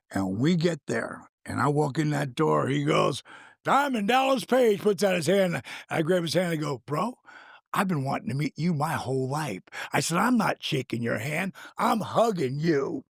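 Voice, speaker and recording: An older man with a gravelly voice, animated and swearing freely as he tells a story in casual chat, acting out the quotes. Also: a little high, dry recording, clean studio sound. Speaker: guest.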